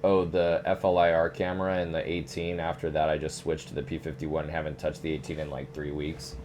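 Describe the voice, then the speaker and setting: A man's voice: rumbling low, brisk, slight background noise. A young man streaming a flight sim, chatting casually and swearing now and then. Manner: relaxed, swears, says "dude" often. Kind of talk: casual chat.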